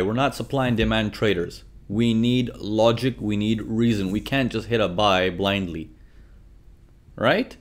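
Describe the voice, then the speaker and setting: A man teaching trading over charts, talking animatedly, checking in often with "okay" and "right". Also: mid-range voice. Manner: animated, frequent "okay" and "right", acts out traders' thoughts. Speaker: trading instructor. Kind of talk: live chart lesson.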